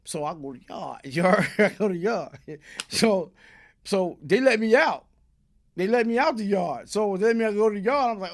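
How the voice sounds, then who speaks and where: High-voiced, animated New York man telling a story. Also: normal speed. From Brooklyn, New York. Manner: animated street storytelling, acts out voices, frequent "you heard?". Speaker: interview guest. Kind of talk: storytelling in a casual interview.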